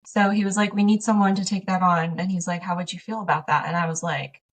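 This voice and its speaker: This small business owner, appearing as a podcast guest, has a fairly low-pitched, steady voice and talks fast. She tells stories with animation, laughing a lot and acting out old conversations in a casual interview. The recording places her a little far from the microphone.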